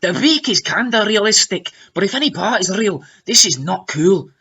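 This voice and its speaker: A shrill, scandalised woman, as a man puts her on, scolds in an exaggerated Scottish accent. The voice sits well above his own and rings bright and pushed. It comes across as mocking caricature more than true impersonation. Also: animated, normal speed, husky, dull audio, exaggerated voice. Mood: disapproving. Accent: put-on Scottish. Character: indignant female online commenter, put-on Scottish accent.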